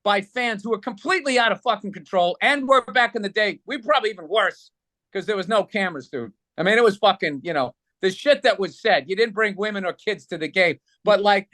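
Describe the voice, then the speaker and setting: A man's voice: sits high, fairly quick, bright, forceful tone, no echo. A man co-hosting a casual sports podcast, ranting bluntly with heavy profanity and teasing his co-hosts. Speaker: podcast co-host.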